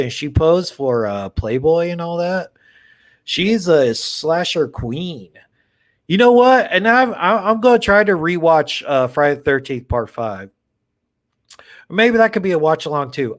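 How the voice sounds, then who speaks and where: Guy on a horror livestream, kinda high voice, rambles and gets hyped, swears a bit. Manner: rambling, excitable, swears casually. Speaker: horror channel livestream host. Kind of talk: casual livestream chat with viewers.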